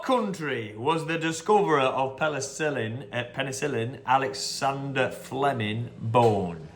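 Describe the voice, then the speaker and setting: A man's voice: mid-range voice, expressive, measured pace, few pauses, a little hiss or hum. Chatty man hosting a quiz. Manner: chatty, repeats each question, wanders into anecdotes. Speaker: quiz host. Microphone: phone.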